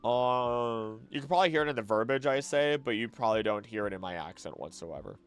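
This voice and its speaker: A man's voice: medium pitch, animated, brisk, smooth. A young man from the American South, streaming a casual late-night chat and reading chat messages aloud, rambling and correcting himself as he goes. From Southern United States. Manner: rambling, self-correcting, mutters while reading. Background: faint background music and keyboard typing.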